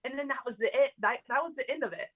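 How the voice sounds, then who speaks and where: A woman's voice: high-pitched, quick pace, a bit bright, slightly rough, poor audio. A young adult woman, a guest actress, chatting casually in an interview with lots of fillers and laughs.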